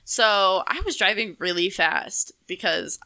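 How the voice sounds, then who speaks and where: A woman's voice: mid-range voice, a little slow, pushed and bright. A woman from Wisconsin chatting casually as a guest, rambling with frequent ums and laughs. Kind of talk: casual chat.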